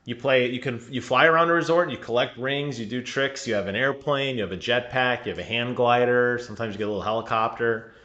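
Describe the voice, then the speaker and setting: A man co-hosts a video game podcast from a remote call, chatting casually. His voice sounds bright and forward. He gets animated, laughs easily and keeps firing questions at his partner. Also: mid-range voice, fast, few pauses, dull audio. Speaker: podcast co-host. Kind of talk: casual chat. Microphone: remote call mic.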